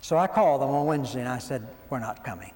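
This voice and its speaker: A man, preaching a sermon as folksy, animated storytelling and acting out quoted voices. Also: mid-range voice, quick pace. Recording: long hall reverb, faint background noise.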